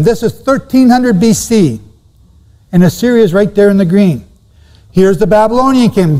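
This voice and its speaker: Emphatic high-voiced man teaching in a hall. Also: warm tone. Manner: emphatic, repeats phrases, quizzes the audience. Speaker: Bible prophecy teacher. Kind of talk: teaching with slides to a live audience. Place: room with a seated audience. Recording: long reverb of a hall.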